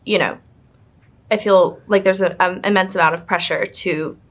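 A woman's voice: medium pitch, steady tone, normal speed. A young woman being interviewed, chatting casually and giggly with lots of fillers and restarts. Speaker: actress and author being interviewed.

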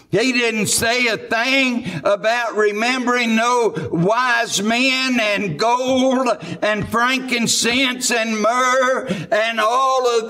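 High-pitched, slow fervent Southern preacher. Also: male voice, sharp tone. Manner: fervent preaching with frequent "uh" fillers. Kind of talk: sermon. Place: church sanctuary.

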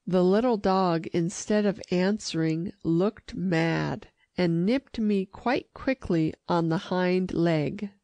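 Audiobook reader: woman, low voice, slow and even delivery. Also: no echo. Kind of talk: audiobook narration.

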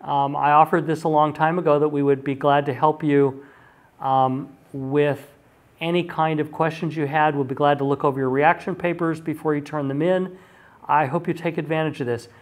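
A man's voice: on the high side, steady tone, moderate pace. A male university lecturer giving a recorded class talk in a chatty way, with frequent ums and restarted sentences.

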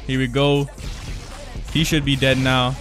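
A man's voice: mid-range voice, little pitch movement, unhurried, fairly bright tone, soft background music. A young man hosting a gaming channel, giving casual, slangy gameplay commentary and correcting himself often. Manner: slangy, hyped, self-correcting gamer talk.

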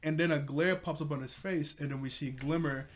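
A man's voice: fairly high pitch, fairly quick. A man recapping a cartoon episode in a loose, rambling way, full of fillers like "like" and "you know", often chuckling. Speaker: TV show reviewer.

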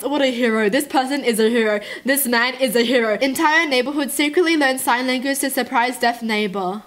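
A woman's voice: sits high, moderate pace. A woman vlogger reacting to touching photos in a gushing, emotional way, often giggling. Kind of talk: casual reaction commentary.

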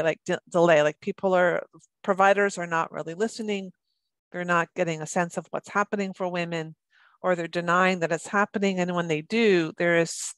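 A middle-aged woman giving a recorded lecture, talking in a halting way with many restarts and repeated words. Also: fairly low pitch, no room sound. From United States. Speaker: presenter on birth trauma.

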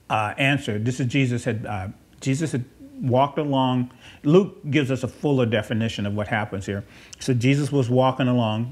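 A man preaching a conversational sermon, rambling and correcting himself, with asides and soft chuckles. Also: lowish voice, slightly rough.

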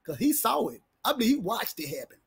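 A man's voice: high-pitched, very animated, quick pace, creaky, fairly bright tone, slightly rough. A man giving casual, slangy commentary, stumbling over big words as he reads a report aloud and jokes with his viewers. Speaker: reaction commentator.

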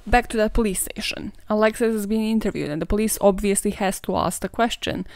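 A woman's voice: medium pitch, brisk, no room sound. A young woman hosting a true crime podcast, sarcastic and swearing freely, laughing at her own jokes. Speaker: podcast host.

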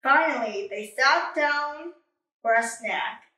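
A woman reading a children's picture book aloud in an expressive, animated way. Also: on the high side, a little slow, distant mic. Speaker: storybook reader. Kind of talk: children's story read-aloud. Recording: echoey room, away from mic.

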